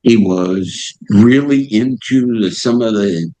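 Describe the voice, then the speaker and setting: A man's voice: lowish voice, slow pace, a little hiss or hum, low-quality recording. An older man, a radio host being interviewed, telling an anecdote and acting out the people in it. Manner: lively storyteller who acts out the voices in his anecdotes. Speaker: satellite radio host, guest.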